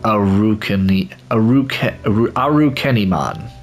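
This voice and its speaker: A man's voice: fairly low pitch, a little slow, soft background music. Rambling man doing gameplay commentary. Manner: rambling, with many restarts and laughs. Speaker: gaming channel host. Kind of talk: let's play commentary.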